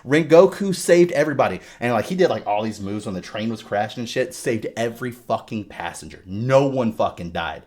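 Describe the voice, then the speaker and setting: A man hosting a casual podcast chat, retelling a movie with animated, sweary storytelling. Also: fairly low pitch, fairly quick, hardly any pauses. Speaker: podcast host.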